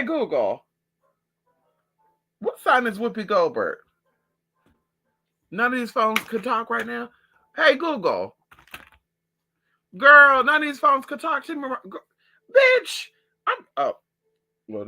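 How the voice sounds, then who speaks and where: A man talking in a sassy, profane, animated way in a casual gossip monologue at home. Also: high voice. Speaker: vlogger.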